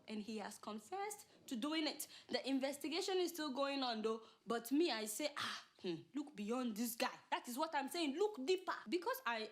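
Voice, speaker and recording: A woman's voice: on the high side, a bit bright. A woman hosting a satirical news show, chatty and sarcastic, bantering with her crew. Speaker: show host.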